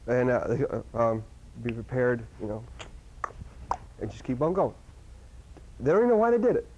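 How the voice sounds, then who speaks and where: A man giving a live seminar talk to an audience, animated, with sudden loud outbursts and frequent restarts. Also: mid-range voice, normal speed, background noise. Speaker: seminar speaker. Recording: dull lo-fi recording.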